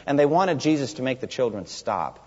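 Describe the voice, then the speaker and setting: A man's voice: mid-range voice, very animated, fairly quick. A man preaching an expository sermon in a church sanctuary, emphatic and putting rhetorical questions to the congregation. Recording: long hall reverb, dull lo-fi sound.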